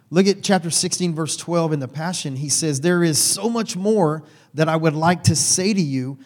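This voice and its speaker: A middle-aged man preaching a casual sermon as pastor, chatty and joking, often asking the congregation questions. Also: on the high side.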